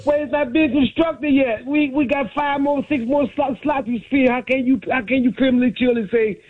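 A man's voice: extremely high pitch, fairly even intonation. A man calling from Miami who challenges the host, hesitating as he searches for words. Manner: challenging, halting. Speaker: caller. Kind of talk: argumentative sports call-in. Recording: tinny phone line.

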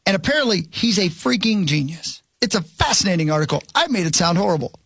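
A man's voice: high voice, big pitch swings, fast, gravelly, fairly bright tone, breathy edge, no room sound. A man co-hosting a sports talk show, telling a rambling story and poking fun at himself. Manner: rambling storyteller, self-mocking. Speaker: radio show co-host.

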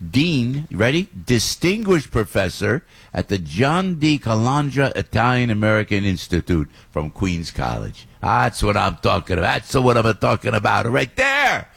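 A man's voice: medium pitch, sing-song, moderate pace, creaky, hardly any pauses, fairly bright tone, breathy edge. A man hosting a morning radio talk show, telling stories animatedly and laughing often.

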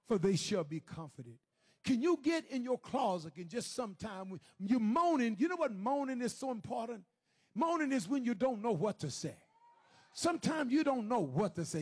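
Man preaching, very high voice, husky, shouts and chants. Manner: swings from hushed low moans to shouted, sing-song preaching. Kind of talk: sermon.

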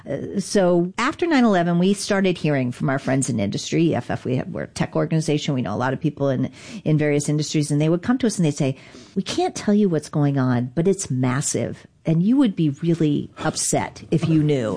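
Casting note: woman with a low voice, animated storyteller who acts out the people she quotes. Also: a little fast. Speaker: guest, digital rights lawyer. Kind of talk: conversational storytelling interview.

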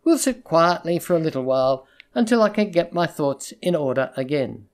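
A narrator voicing a tearful, unwell woman who pleads timidly and then threatens in a hushed, tense voice. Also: mid-range voice, animated, normal speed, natural voice. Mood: tense threatening. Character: desperate unstable woman, former employee. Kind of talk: audiobook character reading.

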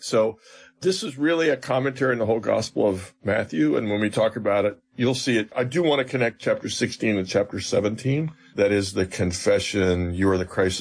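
A man's voice: fairly low pitch, slightly rough. A man, a seminary professor, explaining scripture as an interview guest in an earnest, teacherly way with emphatic retellings.

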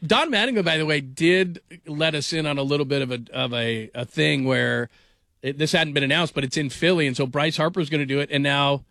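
Man, sports radio host, slightly higher voice, jokey rambling talk, dry studio sound. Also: brisk, bright, forceful tone, no echo. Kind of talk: casual sports radio chat.

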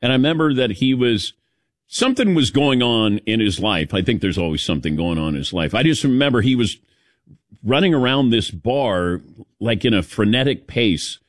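A man's voice: mid-range voice, normal speed, no echo, studio quality. A middle-aged man hosting a morning sports radio show, chatting casually and jokingly calling on his crew by name. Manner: lively, jokey, calls on crew by name. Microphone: studio microphone.

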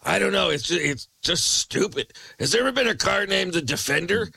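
A man voicing a sarcastic sock-puppet late-night radio host with a gravelly, raspy voice, teasing his caller with quick comebacks. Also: high voice, expressive, sharp tone, no echo, full character voice. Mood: mocking.

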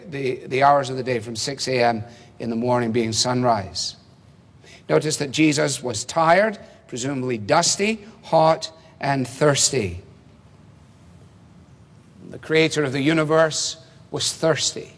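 A man preaching a sermon, explaining a passage slowly and emphatically, with rhetorical questions. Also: a little high, in a large hall.

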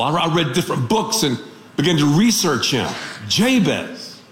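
A man preaching a radio sermon as a pastor, telling stories in an animated, joking way. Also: sits high, normal speed, roomy sound.

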